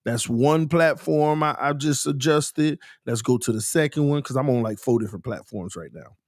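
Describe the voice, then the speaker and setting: A man hosting a casual sports fan livestream, ranting and repeating himself with bursts of laughter and shouting. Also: medium pitch, normal speed, dry recording, clean studio sound. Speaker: sports channel host.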